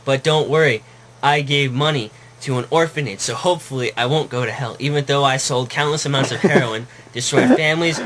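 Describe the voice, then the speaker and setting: A man voicing an old male dog who runs a drug ring, speaking calmly, on a noisy home recording. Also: mid-range voice, a little fast, close to an everyday voice.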